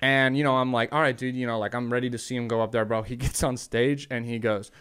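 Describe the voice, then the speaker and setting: A man who is a stand-up comedian, telling crude stories in a casual podcast chat and acting out loud, shouted quotes. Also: mid-range voice, level tone, fast, smooth.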